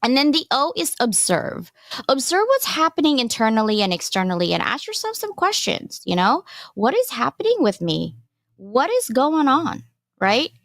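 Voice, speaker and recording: A woman's voice: high-pitched, sing-song, moderate pace, no room sound. Woman presenter, casual and chatty, encouraging, goes off on tangents, dry close sound. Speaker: workshop presenter.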